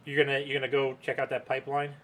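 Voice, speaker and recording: A man's voice: mid-range voice, completely flat delivery, rapid-fire, fairly bright tone. A man co-hosting a casual podcast, chatty and joking, laughing often. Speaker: podcast co-host. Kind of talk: casual chat.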